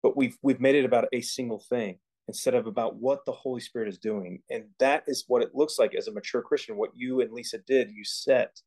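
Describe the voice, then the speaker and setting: A man co-hosts a faith podcast in an easygoing, earnest way, often stopping and restarting his sentences as he works out what he means. His voice sits at an ordinary middle pitch. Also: steady tone, brisk, hardly any pauses, darkish tone. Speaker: podcast co-host. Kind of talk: casual faith conversation.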